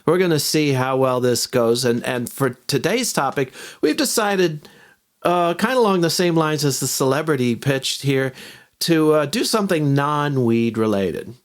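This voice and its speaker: A man's voice: a little high, expressive, normal speed. A man in his sixties co-hosting a podcast in casual chat, rambling with restarts and fillers. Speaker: podcast co-host.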